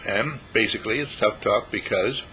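A man with a lowish, bright, forceful voice, speaking at a moderate pace, hosts a spiritual talk show; he is a radio host and dean of a healing school. He preaches in a monologue packed with rhetorical questions and voices imagined listeners. The audio is poor, with slight hiss or hum.

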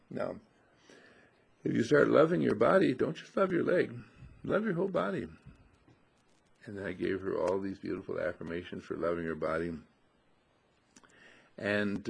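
Gravelly husky man telling a story. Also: low-pitched. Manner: folksy anecdotal storytelling with quoted dialogue. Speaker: radio host and healing teacher. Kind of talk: storytelling radio talk.

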